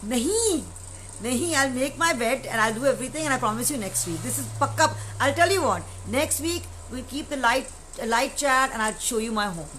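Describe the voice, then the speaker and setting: A woman from Pakistan with a fairly high voice talks casually into her phone on a live stream and slips Urdu words into her English. She speaks in a warm, chatty way. A faint hum of noise sits under the recording. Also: lively intonation, a little fast, low-quality recording. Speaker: actress answering fan questions on a live stream.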